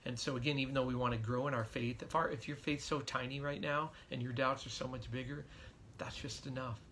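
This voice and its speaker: Bright-voiced pastor giving a conversational devotional. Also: male voice, mid-range voice, fairly even intonation, a little fast, slight background noise. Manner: conversational, earnest storytelling. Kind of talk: devotional sermon.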